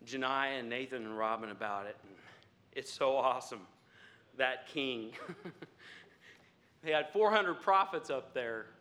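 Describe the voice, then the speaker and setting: Bright-voiced man preaching a lively sermon. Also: mid-range voice. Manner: laughs often, builds to loud exclamations. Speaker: pastor.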